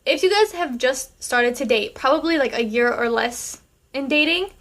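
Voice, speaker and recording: A woman's voice: high-pitched, expressive, normal speed, fairly bright tone. A young woman vlogging as she answers viewer questions in a chatty, sassy way, full of "um" and "like". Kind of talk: casual chat.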